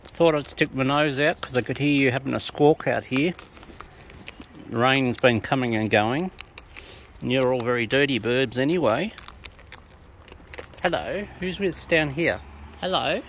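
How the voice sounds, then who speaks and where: A woman's voice: rumbling low, a little hiss or hum. An Australian woman outdoors, chatting playfully and affectionately to wild birds she is feeding. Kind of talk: casual chat to birds.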